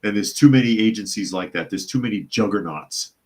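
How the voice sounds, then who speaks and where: A man's voice: on the low side, brisk, a little mellow. A man hosting a live news podcast, reading out reports and chat comments and answering them with sardonic remarks. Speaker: podcast host.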